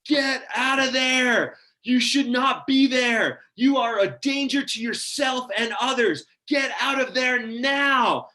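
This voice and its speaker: A man doing a lifeguard yelling through a loudspeaker. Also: takes it slowly, hardly any pauses, heavily acted. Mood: stern shouting. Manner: shouting commands. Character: stern male lifeguard yelling over beach loudspeaker. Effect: booming loudspeaker.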